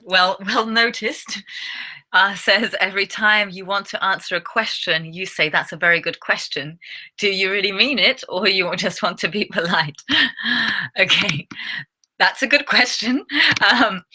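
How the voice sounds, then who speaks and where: Bright-voiced English woman teaching English. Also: medium pitch. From England. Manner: chatty, laughs often, halting with fillers and restarts. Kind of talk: live online English lesson.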